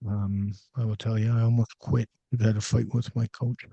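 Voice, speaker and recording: A man's voice: lowish voice, flat delivery, moderate pace, creaky, mellow, no echo. A man hosting a podcast, telling candid anecdotes with frequent ums in a casual conversation, on a slightly dull recording. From Canada. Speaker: podcast host.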